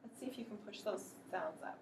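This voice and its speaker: A woman training teachers in a workshop, explaining in a practical, chatty way and slowly sounding out words to demonstrate. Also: mid-range voice, echoey room, background noise. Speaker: literacy educator training teachers.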